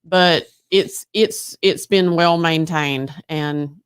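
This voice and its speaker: A woman's voice: low voice, takes it slowly, clean tone. A woman real estate agent co-hosting a casual chat, hesitant and full of ums.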